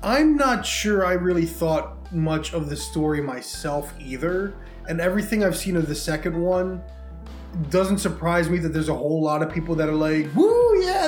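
Fairly high-pitched, this male co-host rambles through a casual podcast chat on movies and games, leaning heavily on fillers. The recording has room echo and faint music.

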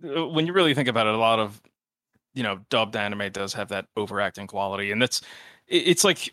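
A man's voice: lowish voice, animated, a little fast, bright, forceful tone, no echo, studio quality. A man in casual podcast chat, teasing and opinionated, cracking jokes.

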